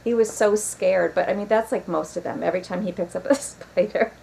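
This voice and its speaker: A woman's voice: mid-range voice, brisk, vocal fry, darkish tone, slight background noise, poor audio. A woman guest on a podcast, chatting casually with many restarts and frequent laughter. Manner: laughs often, rambling restarts. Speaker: podcast guest, paranormal investigator. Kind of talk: casual chat.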